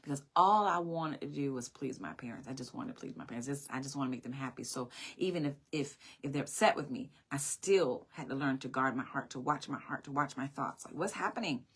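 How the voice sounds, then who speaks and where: Low voiced woman preaching, earnest personal story, repeats herself a lot. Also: fairly quick, few pauses, husky. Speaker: speaker. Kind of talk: sermon-style personal testimony.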